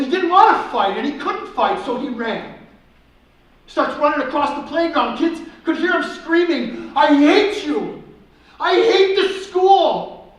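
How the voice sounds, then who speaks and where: A man giving an impassioned storytelling speech to students at a school assembly, moving from loud urgency to hushed gravity. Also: very high-pitched. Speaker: motivational speaker at a school assembly. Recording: echoey gym from far off.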